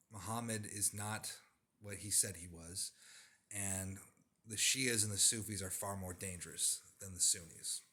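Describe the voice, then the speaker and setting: A man's voice: low voice, pushed and bright. A man delivering an emphatic religious monologue, insistent and lecturing, repeating his points for emphasis. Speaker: religious commentator.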